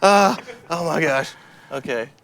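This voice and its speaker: Bright, high-voiced man bantering. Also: lively intonation, unhurried, gravelly, low-quality recording. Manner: laughing, playful reactions. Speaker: church show co-host. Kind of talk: casual banter.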